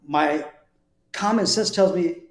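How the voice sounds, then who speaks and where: A man's voice: fairly high pitch, slow. A man from New Jersey, a guest telling his conversion story in an earnest, conversational way, often repeating words as he restarts. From New Jersey, USA. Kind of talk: conversational personal testimony. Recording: roomy echo.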